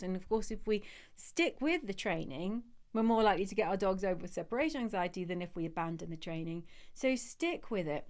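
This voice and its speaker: A woman hosting a live podcast chat on dog training, warm and encouraging, getting emotional as she talks to her audience. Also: medium pitch.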